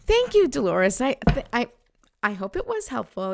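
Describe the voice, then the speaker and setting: A woman's voice: a little high, big pitch swings, normal speed, creaky, background noise. A woman in her forties giving a spiritual oracle card reading on a live stream, earnest and chatty with many fillers. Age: 40s.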